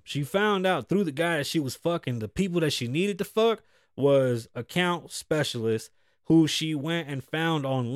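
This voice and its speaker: Animated ranting man, dry close mic. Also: fairly high pitch, no room sound. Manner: animated, profane, swings between loud outbursts and muttered asides. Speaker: podcast host. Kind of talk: casual commentary rant.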